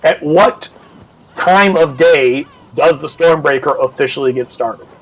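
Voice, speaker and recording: A man's voice: on the high side, unhurried, rough recording. A man running a live-streamed tabletop game as game master, talking loosely with lots of fillers and the odd swear.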